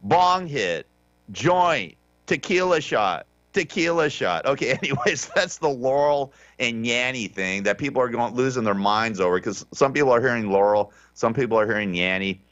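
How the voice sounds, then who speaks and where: A man's voice: mid-range voice, brisk, hardly any pauses, a bit bright, dry recording, muffled recording. A man hosting a talk radio show, rambling through the day's stories in an offhand, sarcastic way with many restarts. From Southern California. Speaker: radio host. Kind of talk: casual talk radio monologue.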